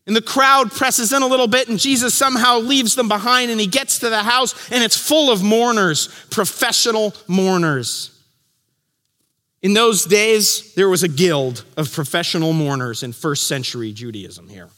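A man preaching a sermon as pastor, telling the story vividly and dropping to a hush for key lines. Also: high voice, normal speed, long reverb tail.

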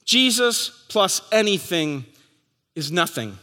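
Bright-voiced pastor preaching in a reverberant hall. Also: male voice, high-pitched, very animated, takes it slowly. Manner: storytelling, acting out crowd voices. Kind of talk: sermon.

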